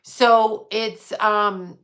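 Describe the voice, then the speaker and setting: A woman's voice: mid-range voice, fairly even intonation, drawn-out words, fairly bright tone. A middle-aged woman hosting a casual livestream, venting bluntly with profanity and reading viewer comments aloud. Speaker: livestream host. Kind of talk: casual live chat.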